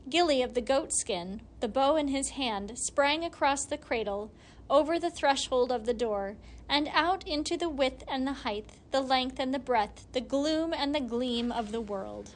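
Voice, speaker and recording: A woman reading a storybook aloud in steady, measured narration. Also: high voice. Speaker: reader.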